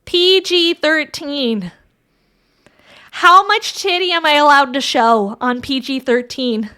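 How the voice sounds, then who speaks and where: A woman's voice: high-pitched, slow, sharp tone. A woman streamer chatting casually with her viewers, crude and giggly, bantering with chat. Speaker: VTuber streamer.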